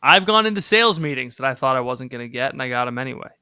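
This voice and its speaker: A young man co-hosting a casual comedy podcast, joking and animated, laughing often. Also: medium pitch, rapid-fire, clear, resonant tone, no room sound, clean studio sound. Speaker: podcast co-host.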